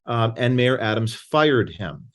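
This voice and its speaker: A man in a relaxed conversation, speaking emphatically about his own experiences in a middle-pitched voice. He often stumbles and restarts mid-sentence as his thoughts run ahead. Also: unhurried. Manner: emphatic, anecdotal, frequent restarts. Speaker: guest. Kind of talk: casual conversation.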